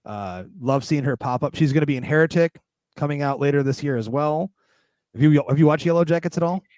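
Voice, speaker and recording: A man's voice: fairly high pitch, fairly quick, darkish tone, dry recording. A man hosting a casual film review podcast, talking with enthusiastic, emphatic bursts. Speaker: podcast host.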